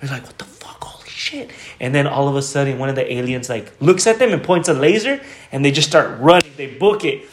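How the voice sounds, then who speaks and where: A man co-hosting a podcast, telling a story in a casual, profane, animated way. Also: mid-range voice, fast talker, hardly any pauses, roomy sound. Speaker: podcast co-host.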